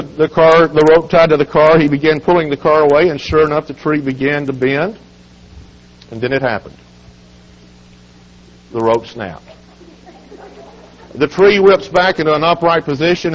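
A hoarse man with a cold, speaking as a guest at a children's home and telling humorous stories in a relaxed, folksy way. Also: medium pitch. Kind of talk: folksy storytelling sermon. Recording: dull lo-fi recording.

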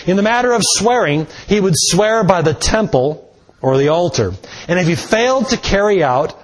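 A man preaching a sermon in a slow, deliberate way, stressing key words with rising emphasis. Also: high-pitched, expressive.

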